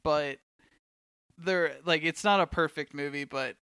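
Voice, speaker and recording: A man co-hosting a podcast, talking through a film in a relaxed, thoughtful way with plenty of "like" fillers. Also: fairly high pitch, unhurried, clean tone, no echo, clean studio sound. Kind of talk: casual movie discussion.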